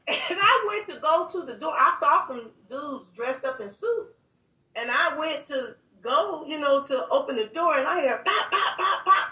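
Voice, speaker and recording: Guest storyteller, middle-aged woman, high and bright, echoey room, laughs easily, reads poetry intensely. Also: far from the mic. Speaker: guest author and poet.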